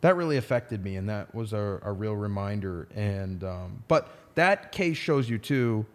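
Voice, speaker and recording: Animated, swearing defense attorney man. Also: fairly low pitch, measured pace. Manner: animated, profane, emphatic. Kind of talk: casual podcast storytelling.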